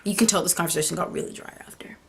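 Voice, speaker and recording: Her voice fairly low, creaky and rapid-fire, an American teen vlogger laughs her way through a story. She animatedly reenacts a text exchange along the way.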